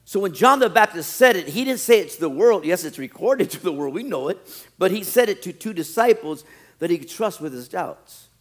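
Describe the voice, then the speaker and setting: A male pastor preaching a sermon, animated, often acting out quoted churchgoers. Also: high-pitched, brisk.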